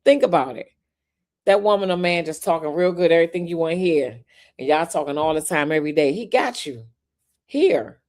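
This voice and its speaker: Woman, low voice, casual live-stream host, laughs a lot, talks to the viewers. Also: expressive, a little fast, a little mellow. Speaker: podcast host.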